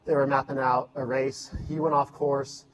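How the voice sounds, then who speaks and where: A man's voice: mid-range voice, level tone, moderate pace, a crowd in the background, low-quality recording. A man chatting casually on a podcast, telling long running stories with many fillers and restarts. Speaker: podcast guest, ultrarunner.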